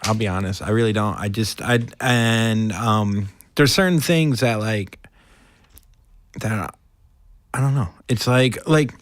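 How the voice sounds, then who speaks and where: A man's voice: on the low side, unhurried, no room sound, studio quality. A man co-hosting a podcast, wisecracking and swearing freely in casual chat. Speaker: podcast co-host.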